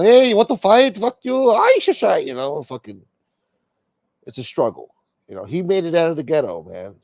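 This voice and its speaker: Brief: loud, profane male ranter, gravelly, animated, dry sound. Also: mid-range voice, no room sound, dull audio. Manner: brash, ranting, heavy swearing. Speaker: host. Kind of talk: profane comedic rant.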